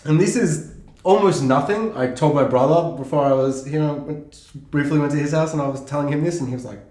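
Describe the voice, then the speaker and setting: A man co-hosting a podcast in casual chat, excitable and swearing freely as he acts out lines. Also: fairly high pitch, brisk. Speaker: podcast co-host. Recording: echoey room.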